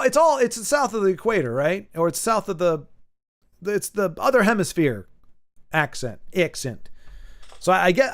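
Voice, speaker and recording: A man in his forties talks casually on a stream. He rambles, restarts his sentences and jumps animatedly between thoughts. His voice sits a little higher than most men's. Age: 40s.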